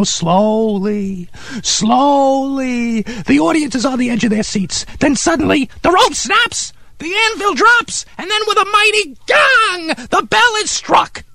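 A performer doing Harry, a shrill, gravelly music snob. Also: fairly bright tone, no room sound, heavily acted. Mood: gushing. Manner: pompous, condescending, gushing. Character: eccentric excitable male music snob Harry. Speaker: regular sidekick character. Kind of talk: comedy radio sketch.

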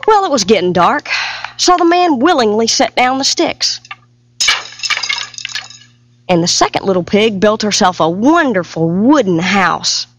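A woman telling a fairy tale in a folksy, lively storytelling voice, full of homespun comparisons. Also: medium pitch, a little slow, pauses often, slight background noise. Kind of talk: storytelling to music. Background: loud music.

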